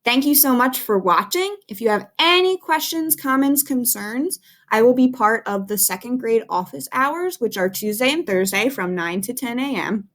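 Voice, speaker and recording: A woman, a second grade teacher, giving a recorded phonics lesson to young children in a patient, encouraging way with clear, careful speech. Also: on the high side, animated, moderate pace, few pauses, fairly bright tone.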